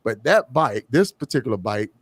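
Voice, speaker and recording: A man's voice: mid-range voice, big pitch swings, normal speed, slightly rough, no echo. Earnest man on a dry-sounding mic. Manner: earnest, repeats himself for emphasis, business-like. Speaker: endurance motorcycle rider, podcast guest. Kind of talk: casual podcast conversation.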